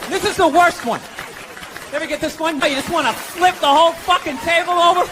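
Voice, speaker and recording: High-pitched ranting stand-up comic. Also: male voice, fairly quick. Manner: ranting, profane, shouting punchlines. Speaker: stand-up comedian. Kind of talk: stand-up rant. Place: comedy venue with laughing audience. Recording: live stage recording, crowd laughter and noise.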